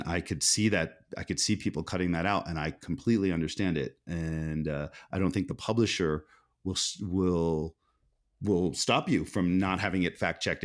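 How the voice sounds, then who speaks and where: A middle-aged man, an author being interviewed, talking in a thoughtful, meandering way with frequent restarts. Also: low voice. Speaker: author, guest. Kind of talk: conversational interview.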